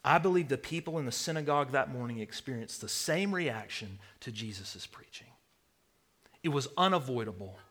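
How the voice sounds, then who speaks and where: A man preaching a sermon, swinging between loud declarations and hushed near-whispers. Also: medium pitch, animated, normal speed. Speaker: pastor.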